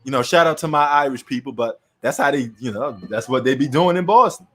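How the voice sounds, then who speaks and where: A man's voice: medium pitch, lively intonation, brisk, fairly bright tone. A man from New York hosting a casual sports chat, ranting bluntly and opinionatedly in slangy talk.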